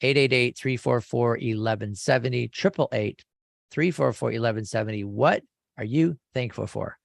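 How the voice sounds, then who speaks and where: Middle-aged male radio host, gravelly, dry close studio sound, rambling and eager. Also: mid-range voice, moderate pace, dry recording. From California. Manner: rambling, enthusiastic, with frequent restarts. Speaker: radio show host and lawyer. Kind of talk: casual radio talk.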